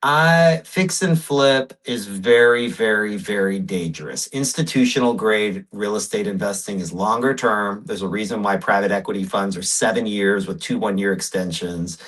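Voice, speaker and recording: A man speaking as a podcast guest, telling his story with emphasis in a relaxed interview. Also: lowish voice, normal speed, hardly any pauses, rough recording. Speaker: podcast guest, real estate investor. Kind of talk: casual interview talk.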